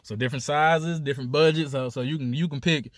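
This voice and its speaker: A man's voice: fairly high pitch, fairly even intonation, fast, dry recording. A man with a Southern US accent, a dog breeder talking casually to camera, repeating himself and hammering points home with "you know" and "period". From United States. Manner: loose, repetitive, emphatic with "period" and "you know".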